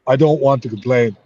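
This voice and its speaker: A man's voice: mid-range voice, dark tone, no echo, highs cut off. A man with an Irish accent, a fighter in an interview, talking heatedly and swearing a lot. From Ireland. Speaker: MMA fighter.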